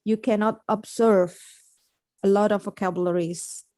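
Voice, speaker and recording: A woman's voice: medium pitch, fairly even intonation, moderate pace, warm tone, no room sound. A woman hosting a casual podcast on learning English. She explains things simply and repeats her key points. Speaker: podcast host and English teacher.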